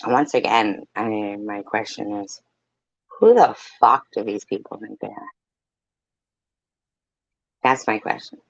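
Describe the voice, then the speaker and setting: Woman streamer, heated and foul-mouthed; gravelly voice, muffled lo-fi recording. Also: rumbling low, takes it slowly, long pauses, dry recording. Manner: blunt, profane, heated. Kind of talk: livestream rant to viewers. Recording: dull, lo-fi, dry mic.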